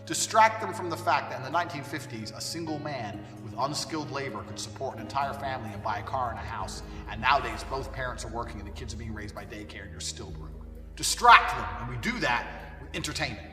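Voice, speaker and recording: A man's voice: medium pitch, fast talker. Blunt, profane man ranting in an echoey hall. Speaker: online commentator. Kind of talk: ranting monologue. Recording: echoey hall, voice far from mic, faint music.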